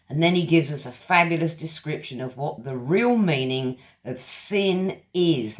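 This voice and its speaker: A woman hosting a channel, reading lecture passages aloud and stopping to reflect on them. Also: sits low. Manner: reflective, stops to comment between quoted passages.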